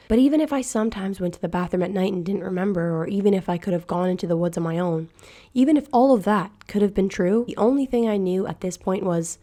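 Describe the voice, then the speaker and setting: Woman narrator for a horror story read-aloud; hushed, measured, mellow tone. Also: mid-range voice.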